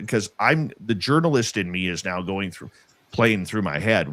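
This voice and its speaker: Guy with a lowish voice telling a spooky personal story, earnest, stops and restarts a lot, dry close sound. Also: lively intonation, moderate pace, a bit bright, dry recording. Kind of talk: casual storytelling.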